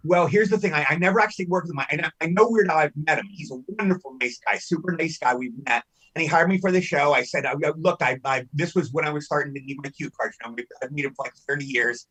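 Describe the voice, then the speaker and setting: A man's voice: on the high side, fast, hardly any pauses, fairly bright tone, breathy edge, low-quality recording. An older man, a veteran actor on a podcast, who talks frankly in a rambling way and often repeats himself as he restarts his sentences. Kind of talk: casual chat.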